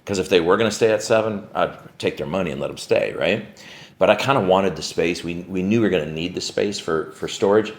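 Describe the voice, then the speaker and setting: A man who owns a warehouse business tells a story to camera in a deep, slightly fast voice. His style is casual, packed with "like" and "right?" and plenty of swearing.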